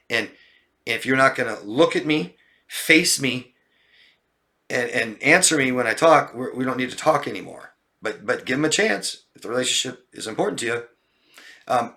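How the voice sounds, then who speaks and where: A man giving relationship coaching, talking casually and answering viewer questions, often acting out exasperated exchanges. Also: medium pitch. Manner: animated, mimics people in exasperated voices.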